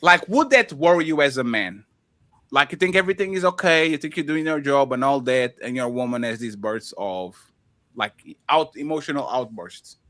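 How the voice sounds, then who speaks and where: A man's voice: mid-range voice, normal speed, no echo, studio quality. A man on a podcast panel who teases and acts out little scenes as he talks. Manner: animated, teasing, acts out scenes. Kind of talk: casual panel debate.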